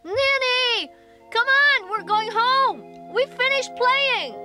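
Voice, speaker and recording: A woman's voice: very high-pitched, animated, moderate pace, loud music behind the voice. A woman voicing a kind, earnest young male troll in a cartoon, eager and encouraging, often calling out to friends. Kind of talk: animated cartoon voice acting.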